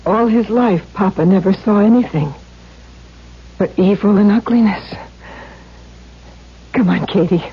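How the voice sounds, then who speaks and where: An actress playing a bitter, resolute young woman with intense, quiet delivery in a 1970s radio drama. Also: medium pitch, a little slow, pauses often, slightly rough. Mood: tender. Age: young adult. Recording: dull 1970s radio broadcast, faint hiss.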